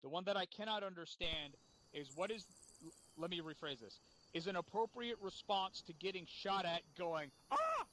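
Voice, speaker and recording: A man's voice: high-pitched, moderate pace, sharp tone. A man leading a game unit's after-action debrief, blunt and profane as he scolds. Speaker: unit leader.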